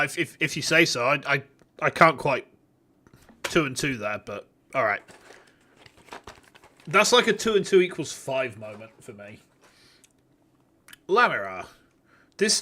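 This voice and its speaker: Young British man, game stream commentary, very lively pitch, bright, swears and jokes. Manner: animated, swears, jokes, stammers.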